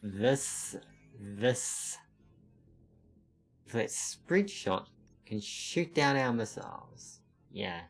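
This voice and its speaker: A man's voice: medium pitch, expressive, extremely slow, long pauses, faint music behind, poor audio. A man streaming a strategy game, thinking aloud with stumbling restarts and reading the game text in casual commentary.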